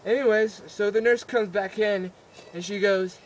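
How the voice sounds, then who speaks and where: A young man rambles through a story for his vlog, giggling and tripping over fillers and restarts. His voice sits a little high for a man, and the telling stays loose and chatty. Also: fairly even intonation, a little slow. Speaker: vlogger.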